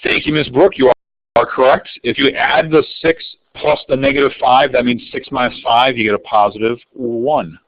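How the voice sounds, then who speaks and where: A man's voice: mid-range voice, fairly even intonation, moderate pace, dry recording. A man teaching a live online algebra review lesson, calling on students by name in an upbeat way. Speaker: math teacher. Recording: dull lo-fi dry sound.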